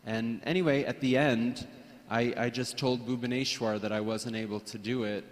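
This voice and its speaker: A man's voice: mid-range voice, steady tone, normal speed. Hesitant man reminiscing in a reverberant hall. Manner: hesitant, with frequent restarts and soft laughs. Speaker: speaker at a memorial gathering. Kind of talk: personal reminiscence.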